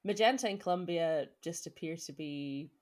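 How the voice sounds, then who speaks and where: A young woman co-hosting a podcast in casual chat, talkative and quick to laugh, often trailing off into filler words. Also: low voice, darkish tone. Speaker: podcast co-host.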